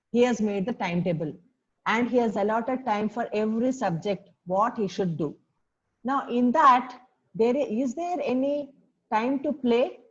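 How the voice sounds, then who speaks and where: A woman teaches a story to her class. She explains words step by step and keeps asking her students questions. Her voice is somewhat high, and the recording is dull and lo-fi. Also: darkish tone.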